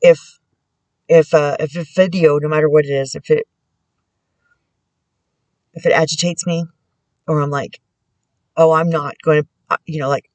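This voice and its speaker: A woman giving a casual spiritual tarot reading at home. She speaks gently and prayerfully, with many pauses and restarts. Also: low-pitched, steady tone, no room sound. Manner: halting and soft-spoken, many pauses and restarts. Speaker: tarot reader and spiritual channeler. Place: indoors at home.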